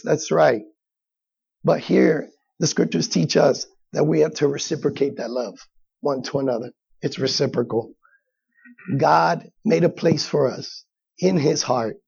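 A man's voice: on the high side, unhurried, vocal fry, darkish tone, breathy edge, muffled recording. A middle-aged man preaching a sermon as pastor, in a conversational style with acted asides.

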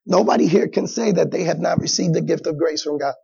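A man's voice: fairly high pitch, fairly quick, vocal fry, mellow, husky, muffled recording. A middle-aged man preaching a sermon as pastor, in a conversational style with acted asides.

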